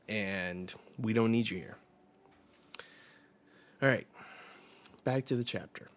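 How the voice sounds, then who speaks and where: A man's voice: sits low, very animated, takes it slowly, creaky, long pauses, a little hiss or hum. A man hosting a live manga chapter reaction, talking bluntly and with a lot of swearing while summarizing the panels aloud. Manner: blunt and profane.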